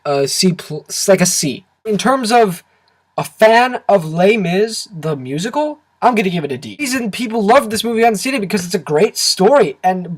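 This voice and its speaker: An excitable man reviews a film straight to camera, ranting with exaggerated outbursts. His delivery is animated and theatrical, as if he is talking to a friend. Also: sits high, low-quality recording. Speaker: movie reviewer.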